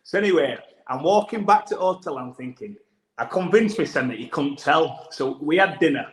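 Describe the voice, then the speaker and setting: A man chats casually on a podcast, his voice sitting a little high as he rambles through an anecdote with false starts. The room around him is echoey. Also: lively intonation, moderate pace. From England. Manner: rambling anecdotal storytelling with restarts. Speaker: rugby player guest.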